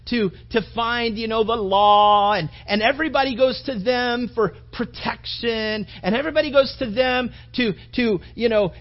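A man's voice: very high-pitched, lo-fi sound. A man pastor preaching a sermon in a casual, emphatic way, with frequent repetitions and asides to the congregation.

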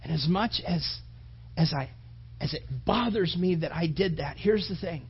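A man's voice: fairly high pitch, moderate pace, creaky, slightly rough, dull audio. A male pastor preaching a sermon in an earnest, emotional, conversational way.

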